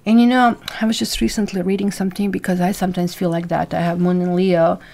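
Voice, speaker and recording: A woman's voice: on the low side, flat delivery, quick pace, gravelly, a little mellow. Chatty woman tarot reader. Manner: chatty and rambling, thanks viewers by name. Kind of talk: live weekly tarot reading.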